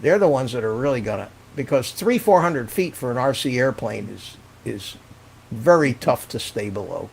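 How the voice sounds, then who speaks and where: Older man with a gravelly, husky voice. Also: mid-range voice, animated, normal speed. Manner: rambling, chatty, laughs often, reads out viewer comments. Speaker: live-stream host. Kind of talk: casual live-stream chat.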